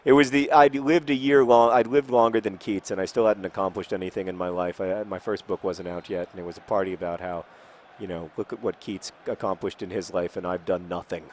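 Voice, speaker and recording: A man's voice: low voice, fairly even intonation, brisk, slight background noise. A man in his thirties rambling in casual chat while playing a football video game, self-mocking with sudden frustrated outbursts.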